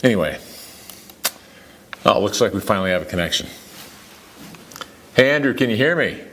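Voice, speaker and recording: A man giving an upbeat, salesy pitch as a company founder, chuckling now and then. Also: sing-song, normal speed, a bit bright, slight background noise.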